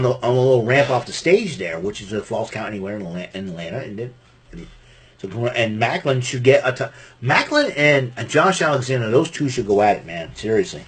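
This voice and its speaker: Give me a husky-voiced man from Massachusetts casually recapping wrestling as a show host, laughing as he goes. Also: mid-range voice, a little fast. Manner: animated, laughing, rambling with restarts. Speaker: podcast host.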